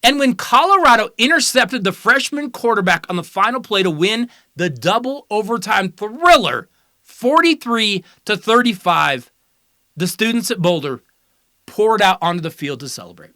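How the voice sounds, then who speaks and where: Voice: mid-range voice, very animated, normal speed, sharp tone, dry recording, clean studio sound. A host giving opinionated college football commentary in a sarcastic, teasing, lecturing way.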